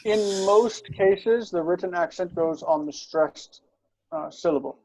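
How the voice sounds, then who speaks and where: A man's voice: high voice, unhurried, dark tone, no room sound, poor audio. A man tutoring one student in biblical language, patiently correcting pronunciation and explaining accents with short affirmations. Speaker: Hebrew and Aramaic tutor.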